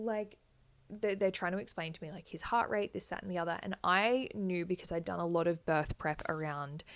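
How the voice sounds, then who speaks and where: A woman's voice: on the low side, gravelly. A young woman telling her birth story in candid, chatty style, swearing freely. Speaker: vlogger. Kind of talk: casual birth story chat.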